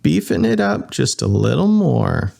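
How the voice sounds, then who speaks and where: A man's voice: mid-range voice, sing-song, a little slow, vocal fry, a little mellow, full character voice. A man voicing a brash, scornful young man in an audiobook.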